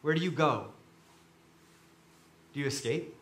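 A man preaching a sermon to a room full of listeners, swinging between quiet reflection and loud emphasis as he acts out quoted voices. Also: a little high, expressive, unhurried, roomy sound. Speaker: pastor. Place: large room with an audience.

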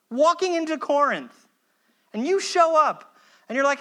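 A preacher talks through the sermon in a relaxed, conversational way. The voice is bright and forceful, and it often breaks off with quick checking asides. The delivery stays earnest and pleading. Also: high voice. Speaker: pastor.

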